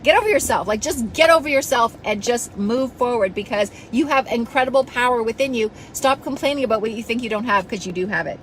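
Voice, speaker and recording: A woman's voice: a little high, brisk, few pauses, a bit bright, slight background noise, rough recording. A woman coach giving a passionate, blunt motivational talk to her followers, scolding them now and then and swearing casually. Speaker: self-help coach.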